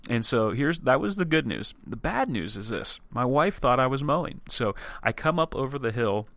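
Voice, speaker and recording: A man's voice: mid-range voice, animated, moderate pace, a bit bright, no echo. A man hosting a podcast, telling a personal story in a chatty way and acting out his own thoughts as he goes. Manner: chatty, acts out his own thoughts in quotes, frequent restarts. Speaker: podcast host. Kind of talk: casual storytelling and show intro. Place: home or office.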